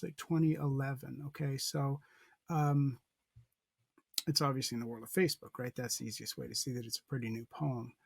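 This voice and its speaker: Gravelly, husky male professor lecturing. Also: on the high side, darkish tone, no echo. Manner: loose, thinking aloud with many fillers and restarts. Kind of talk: poetry lecture with a read-aloud.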